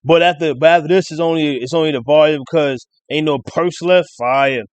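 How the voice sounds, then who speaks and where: A man's voice: moderate pace, no room sound. Rambling man recapping rap battle bars. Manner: rambling, excited, quotes bars with rising pitch. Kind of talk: casual recap commentary.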